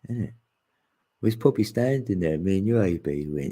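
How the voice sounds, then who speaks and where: Deep gravelly laid-back man. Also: normal speed, mellow. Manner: laid-back, laughs often, slangy, acts out quoted voices. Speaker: podcast host. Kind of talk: casual spiritual chat.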